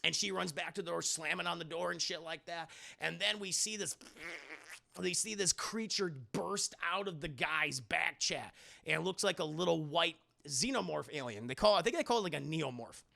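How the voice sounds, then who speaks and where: Gravelly, profane streamer recapping a film. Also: male voice, on the high side, normal speed, pushed and bright. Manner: rambling, profane, laughing, acting out scenes. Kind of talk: casual spoiler review to live chat.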